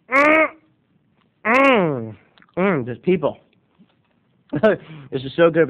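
An animated, giggly man in his thirties telling a comic story to his viewers in a very high voice. The sound is thin and tinny, like a cheap webcam mic. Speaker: video blogger.

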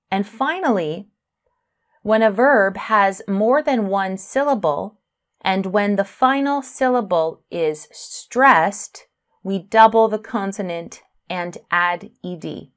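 A woman teaching English grammar to beginners at an unhurried, deliberate pace. She spells out letters and leans on stressed syllables so learners can follow each word. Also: mid-range voice. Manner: slow, careful, spells out letters and stresses words.

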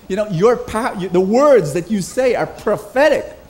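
A Filipino man preaching a sermon, energetic, getting the congregation to repeat phrases after him. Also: sits high, fast, few pauses, a little hiss or hum. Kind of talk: sermon with call and response. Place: large hall with congregation.

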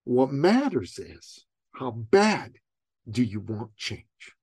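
A man quoting a blunt, unflinching male business coach in a quiet, flat delivery. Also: mid-range voice, takes it slowly, breathy edge, no room sound, heavily acted. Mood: stern.

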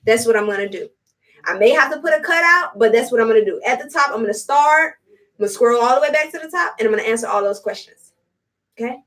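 A woman's voice: on the high side, animated, quick pace, fairly bright tone. A woman hosting a casual live-stream product demo, chatty and repetitive with blunt slang. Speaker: host selling spiritual products. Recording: voice distant from the mic.

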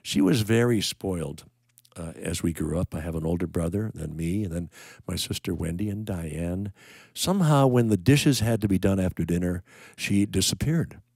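A man's voice: low-pitched, creaky, a little mellow, slightly rough, no room sound, clean studio sound. An older American man hosting a livestream, chatting casually and rambling as he greets viewers, with plenty of uh and um. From United States. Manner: rambling, folksy, pauses with uh and um. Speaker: worship livestream host.

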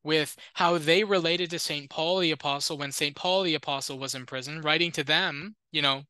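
Bright, crisp-voiced man teaching scripture. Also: fairly high pitch, dry recording. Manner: discursive, informal, with joking asides. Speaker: Lutheran Bible teacher. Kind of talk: reading and commenting on an ancient text.

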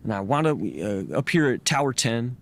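A man telling a personal story as a podcast guest in a loose, animated, profane way. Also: medium pitch, normal speed, creaky. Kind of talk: casual storytelling.

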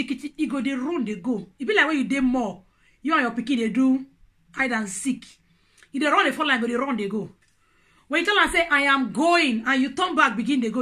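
A woman speaking Nigerian Pidgin, giving casual relationship advice in an animated, preachy and playful way. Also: high-pitched. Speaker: vlogger.

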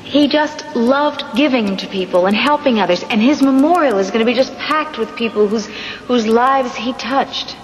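An actress as a fiercely protective soap daughter. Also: female voice, on the high side, normal speed, long reverb tail, close to an everyday voice. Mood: consoling. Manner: insistent, reassuring. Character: devoted adult daughter, forceful and protective. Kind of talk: 1990s daytime soap acting.

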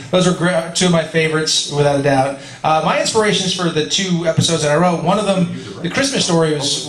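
A man in his forties with a slightly raised pitch, telling stories in a chatty, self-deprecating way at a convention panel. His voice rings through a big echoey hall, and a crowd murmurs behind him. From California, USA. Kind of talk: casual Q&A storytelling.

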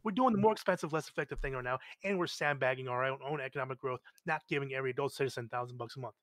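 A man talking politics in a casual discussion, animated, often stumbling over repeated words and acting out quoted voices. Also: mid-range voice, very fast, dry recording. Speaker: guest.

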